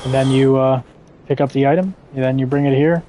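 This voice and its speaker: A man's voice: medium pitch, steady tone, fairly quick, mellow, slight background noise, poor audio. A young man streaming a game live, chatting in a rambling, laid-back way with casual swearing. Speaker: gaming streamer. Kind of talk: casual live gameplay commentary.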